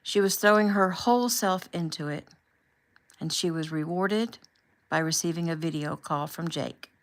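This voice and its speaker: A woman reading her own novel aloud in a casual, relaxed, conversational manner. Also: on the low side, moderate pace.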